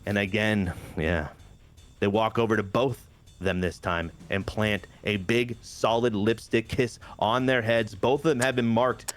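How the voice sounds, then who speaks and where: A man's voice: lowish voice, steady tone, measured pace. A man hosting a game playthrough, narrating the story in a hyped, playful way. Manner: hyped, playful, says "baby" a lot. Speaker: host. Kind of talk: casual game commentary.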